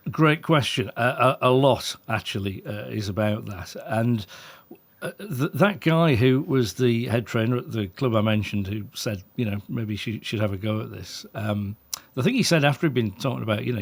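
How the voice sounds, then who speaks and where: A man, a dog trainer being interviewed, telling stories in a lively way, acting out other people's voices and chuckling often. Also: medium pitch, normal speed. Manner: animated, acts out quoted voices, frequent chuckles. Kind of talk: conversational interview storytelling.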